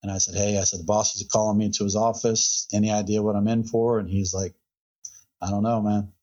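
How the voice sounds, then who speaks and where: Man, deep voice, husky, fire chief guest, relaxed storyteller, dull lo-fi audio. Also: fast talker. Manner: relaxed storyteller, repeats words and quotes others. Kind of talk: recounting a past incident in conversation.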